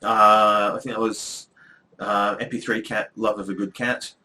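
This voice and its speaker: A man's voice: fairly low pitch, flat delivery, measured pace, bright, forceful tone. Rambling, chatty man. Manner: rambling, chatty, with frequent ums and dry asides. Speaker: vlogger and academic. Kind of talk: casual chat to camera.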